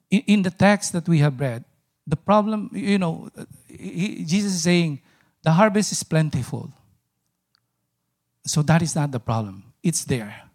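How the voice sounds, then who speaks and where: A man's voice: fairly high pitch, darkish tone. A man in his forties from the Philippines preaching a sermon in an earnest, chatty way, often laughing and restarting his sentences. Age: 40s.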